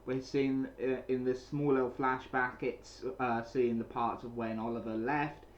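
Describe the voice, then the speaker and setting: Here a man with a mid-range, flat voice speaks unhurriedly; the recording is muffled and has a little hiss or hum. He's casually recapping and reviewing a comic chapter in a rambling way, full of restarts and repeated phrases, from a small, cold room at home with a heater running.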